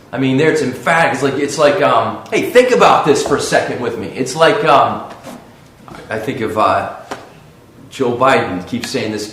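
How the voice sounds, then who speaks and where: A man's voice: mid-range voice, animated, moderate pace, a bit bright. Man teaching a church class in an echoey room. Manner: conversational, emphatic, many restarts. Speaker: Sunday school teacher. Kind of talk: discussion-led Bible class. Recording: echoey room, faint background noise.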